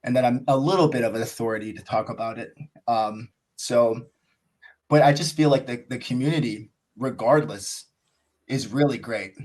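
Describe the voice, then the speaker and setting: A man's voice: mid-range voice, moderate pace, darkish tone. An American man talking as a podcast guest, telling his story in a casual, enthusiastic, rambling way, full of "like" and "you know". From USA.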